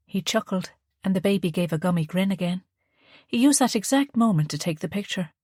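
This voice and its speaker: A woman reads a novel aloud at a measured, storytelling pace. Her voice sits low, and the recording is close and dry, with no room around it. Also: lively intonation, a little mellow, dry recording. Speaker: audiobook narrator. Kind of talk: scripted narration.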